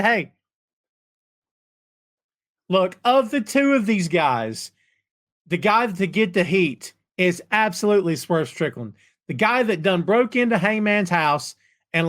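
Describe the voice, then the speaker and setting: High-voiced, animated male podcast host. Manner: animated, rambling, chuckling; folksy slang. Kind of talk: live call-in chat show, reading viewer comments.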